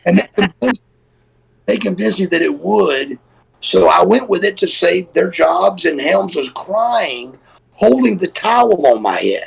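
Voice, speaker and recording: A middle-aged man, a former wrestler, telling an animated, profane story and acting out what people said. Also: sits high, a little slow, poor audio. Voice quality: gravelly, husky. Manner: animated, profane storyteller who acts out quoted voices. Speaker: guest, former pro wrestler. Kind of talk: casual storytelling on a live stream.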